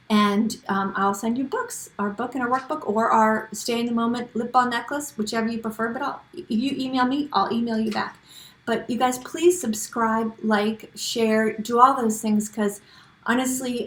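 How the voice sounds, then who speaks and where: Middle-aged woman host, upbeat and chatty, somewhat high voice, recorded in an echoey room. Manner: chatty, encouraging, with frequent restarts. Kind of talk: casual talk to camera.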